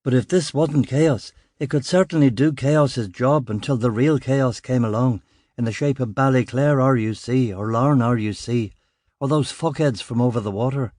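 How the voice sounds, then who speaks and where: Dry gruff guy reading a crime book, plain middle voice, no room sound. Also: mid-range voice, moderate pace, a little mellow, no room sound. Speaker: audiobook narrator. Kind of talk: first-person scripted narration.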